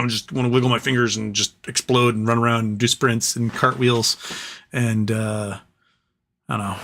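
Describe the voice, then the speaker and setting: A man's voice: mid-range voice, little pitch movement, normal speed, sharp tone, a little hiss or hum. A man hosting a casual livestream, reading viewer messages aloud and joking and rambling between them. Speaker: livestream host reading super chats.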